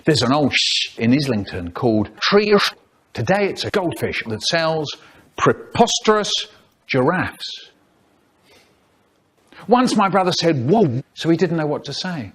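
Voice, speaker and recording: A man in his sixties telling stories in a chopped-up comedic remix, with an animated, exaggerated delivery. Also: fairly high pitch, measured pace, long pauses, slightly rough. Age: 60s. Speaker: storyteller. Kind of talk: spliced comedic storytelling remix.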